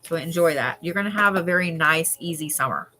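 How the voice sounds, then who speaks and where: Woman in her 30s, live card reader; slightly low, bright voice, casual and frank. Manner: chatty and candid, swears casually, drawls slowly at times. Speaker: tarot card reader on a livestream. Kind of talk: live card reading, casual chat with viewers.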